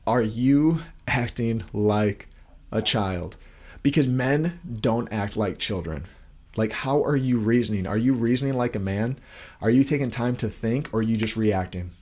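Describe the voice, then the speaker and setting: A man's voice: medium pitch, a little slow, a little mellow. A young man giving an earnest devotional talk as a podcast host, asking many questions while holding his baby at home.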